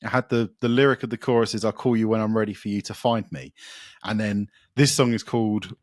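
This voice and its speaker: A man's voice: lowish voice, steady tone, fairly quick, dry recording, clean studio sound. A man co-hosting a podcast, chatting casually and enthusiastically about metal records, rambling with fillers and swearing. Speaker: podcast co-host.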